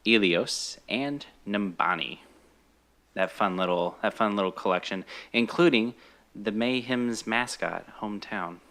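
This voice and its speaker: A man's voice: low-pitched, sharp tone. A man co-hosting a casual esports chat, explaining things in a matter-of-fact way. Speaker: co-host.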